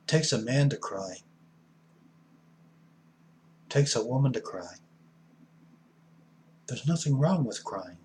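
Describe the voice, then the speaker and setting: A middle-aged man talks slowly about recovery, blunt and folksy like an addiction counselor preaching to his peers. He leans hard on certain words and keeps a plain, mid-range voice. A faint hum runs under the recording. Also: medium pitch, lively intonation. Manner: blunt, folksy, preachy with sudden loud emphasis. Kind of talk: motivational recovery talk.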